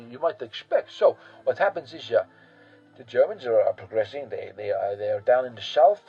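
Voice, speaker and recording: Male history storyteller, lively and profane, a bit husky, muffled sound with faint music behind. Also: medium pitch. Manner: profane, rambling, hesitant with fillers. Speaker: history podcast host.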